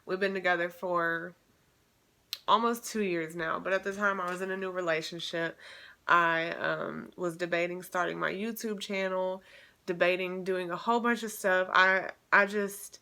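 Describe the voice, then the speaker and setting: A woman's voice: fairly low pitch, steady tone, moderate pace, creaky, sharp tone. A young woman telling a story in a casual vlog, chatty and emotional, with many restarts. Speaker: vlogger.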